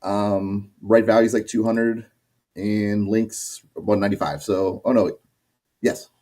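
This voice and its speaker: A man's voice: fairly low pitch, unhurried. A man co-hosting a casual livestream. He reads viewer questions and explains things loosely, with lots of fillers. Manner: relaxed, explains with many fillers. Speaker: co-host reading viewer questions.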